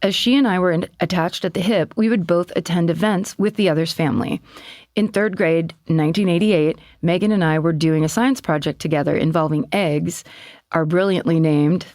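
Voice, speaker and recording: A woman co-hosting a podcast, chatting and reading a listener email with quick asides. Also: on the low side, a little mellow, no room sound, clean studio sound. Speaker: podcast co-host.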